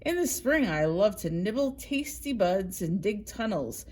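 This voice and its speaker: A woman voicing a cheerful tiny mouse in a storybook reading, squeaky and bubbly. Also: sing-song, measured pace, darkish tone. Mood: excited.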